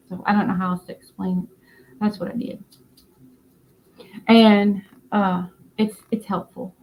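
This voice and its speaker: A tired woman with a North Carolina Southern accent, hosting a casual craft live stream and rambling through her explanations with many fillers and halting words. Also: medium pitch, darkish tone, a little hiss or hum, rough recording.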